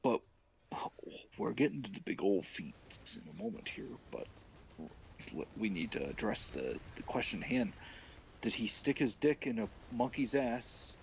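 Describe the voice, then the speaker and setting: A young man with a fairly low voice rambles through crude, mock-serious stream chatter. He circles back on his own phrases. Faint noise sits under the recording. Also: animated, unhurried, poor audio. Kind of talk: casual stream chat.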